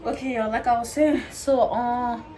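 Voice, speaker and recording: A young woman vlogger telling a story in a loud, animated way while doing her hair, speaking straight to her viewers. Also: a little high, moderate pace. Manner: animated, talks straight to viewers, calls them "y'all"; loud, says she has a loud mouth.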